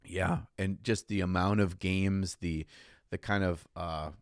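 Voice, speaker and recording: A man's voice: low voice, steady tone, unhurried, no room sound, studio quality. A man co-hosting a podcast in casual chat, joking, swearing freely and laughing often. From United States. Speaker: podcast co-host.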